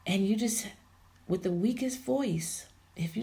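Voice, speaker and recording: A woman's voice: medium pitch, unhurried, vocal fry, mellow. A woman hosting a podcast, giving motivational faith talk to women, preachy and repeating her phrases for emphasis. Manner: preachy, repeats phrases, calls listeners honey and ladies. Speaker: podcast host.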